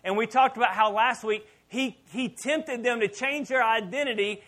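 A man preaching a sermon in church as pastor, animated and joking with the congregation. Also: extremely high pitch, moderate pace.

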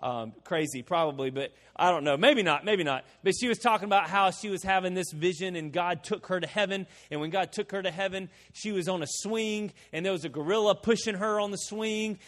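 A male pastor preaching a sermon in a conversational way, swinging between loud emphasis and quiet asides. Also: high voice, fairly quick, hardly any pauses, big-room sound. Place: church sanctuary.

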